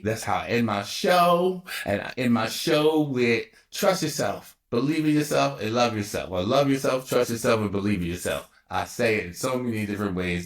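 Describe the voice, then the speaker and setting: A man in his fifties hosting his own podcast, telling a personal story with animated energy, laughing often and restarting sentences. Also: fairly low pitch. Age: 50s. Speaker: podcast host.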